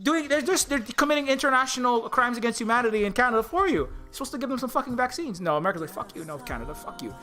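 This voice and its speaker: A man with a high, sharp, bright voice delivers a heated, profane rant, tripping over restarts as he pushes on. Faint music plays behind him. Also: lively intonation, racing, few pauses. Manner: angry, profane, stammering restarts. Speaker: indie game developer streaming live. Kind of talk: heated political rant on a livestream.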